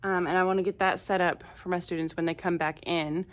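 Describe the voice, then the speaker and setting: A woman's voice: fairly low pitch, steady tone, a little fast. A woman teacher chatting casually in her classroom, rambling with frequent fillers. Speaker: first grade teacher.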